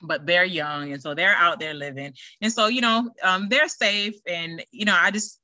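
A woman's voice: fairly low pitch, normal speed, sharp tone, no room sound. A middle-aged woman hosting her own podcast, talking in a chatty, rambling way with lots of fillers and restarts. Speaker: podcast host. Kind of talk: casual solo podcast chat.

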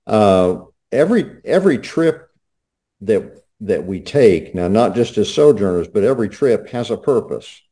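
Low, mellow older male guest. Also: animated, a little slow. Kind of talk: casual interview.

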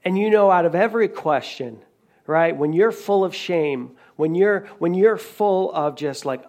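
High-pitched yet darkish in tone, this pastor is animated and unhurried as he preaches. His sermon is conversational, retelling a story with frequent restarts and quoted dialogue.

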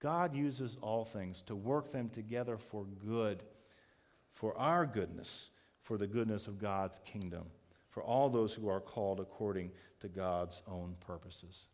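A man's voice: lowish voice, measured pace, darkish tone. Man, pastor, sermon, conversational storytelling, emphatic builds.

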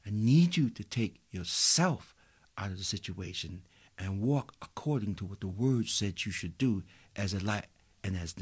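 A man's voice: on the low side, darkish tone, slightly rough. A man preaching a sermon as a pastor, telling stories and speaking directly to his listeners.

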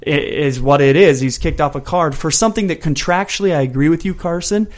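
A man's voice: a little high, fairly quick. A man who works as a criminal law attorney, co-hosting a casual sports podcast and explaining things with legal and historical comparisons.

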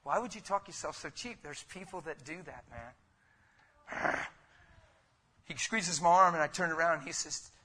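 A man preaching an impassioned sermon in church. He swings from loud exhortation to near whispers and piles up repeated phrases. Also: a little high, unhurried, long pauses. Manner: repetitive rhetorical build-ups.

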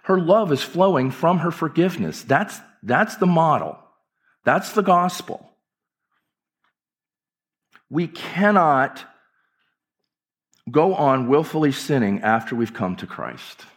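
A man's voice: on the high side, very animated, slow, pauses often. A male pastor delivering an impassioned, emphatic church sermon with repeated phrases. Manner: impassioned, emphatic preaching with repetitions.

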